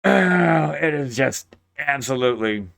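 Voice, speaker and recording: A man's voice: mid-range voice, lively intonation, a little slow, creaky, fairly bright tone. A man giving sarcastic, incredulous commentary on a crime case, talking close to a mic. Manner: sarcastic, incredulous, laughs often. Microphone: close mic, peaking.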